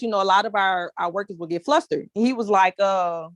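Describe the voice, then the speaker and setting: A woman's voice: mid-range voice, fairly quick, hardly any pauses, fairly bright tone, no room sound. A woman leading a small group discussion, telling a casual story in a chatty way and addressing listeners as y'all. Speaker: discussion leader.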